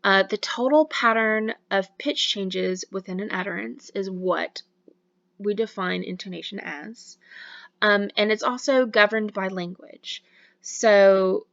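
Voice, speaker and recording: A woman's voice: mid-range voice, vocal fry, a bit bright, lo-fi sound. A woman giving a recorded university lecture on voice and diction, explaining with frequent fillers.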